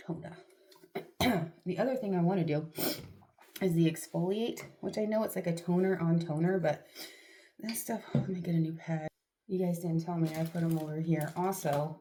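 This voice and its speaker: Low mellow-voiced chatty woman, sniffly. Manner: rambling and chatty, with self-deprecating asides. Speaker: vlogger. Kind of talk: casual chat to camera. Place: at home, doing a face mask.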